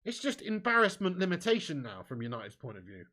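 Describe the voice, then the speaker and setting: A man hosting a live football watch-along, excitable and sweary, swinging from low grumbling to loud shouting. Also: quick pace. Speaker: fan watch-along host.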